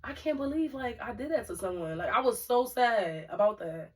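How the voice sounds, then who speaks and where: A woman's voice: on the high side, animated, normal speed. A woman co-hosting a casual talk show, telling stories with lots of fillers and asides to the listeners. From Brooklyn, New York. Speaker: podcast co-host. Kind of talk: casual storytelling chat. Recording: voice a bit far from the mic.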